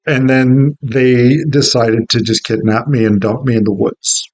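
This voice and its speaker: A man's voice: medium pitch, steady tone, unhurried, darkish tone, close to an everyday voice. A man voicing a melodramatic noble maiden in distress, in an exaggerated whining tone. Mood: mock distress.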